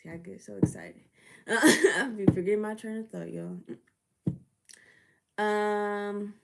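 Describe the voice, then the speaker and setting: A woman's voice: mid-range voice, a little slow, gravelly. A woman hosting a casual livestream of readings, chatty and laughing often, greeting viewers by name. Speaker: livestream tarot reader and host.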